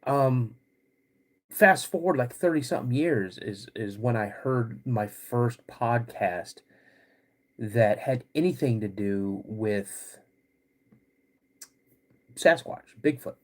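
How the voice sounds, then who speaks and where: Middle-aged male host, unhurried, rambling delivery, tail end of a cold with frequent throat clearing. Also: medium pitch, animated. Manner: laid-back and rambling, greets chat viewers between stories. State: getting over a cold. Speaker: podcast host. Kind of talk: casual livestream chat.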